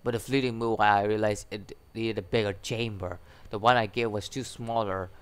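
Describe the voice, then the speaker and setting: A man voicing an eccentric, gleeful male scientist in a visual novel game, with a put-on foreign accent and theatrical, dramatic pauses. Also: fairly low pitch, fairly even intonation, clean tone, natural voice.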